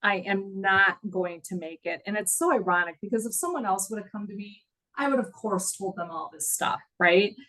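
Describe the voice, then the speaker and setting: A woman's voice: mid-range voice, moderate pace, sharp tone, poor audio. A middle-aged woman telling her story in an interview, earnest and reflective, audibly emotional. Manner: earnest, reflective, laughs at times. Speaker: guest.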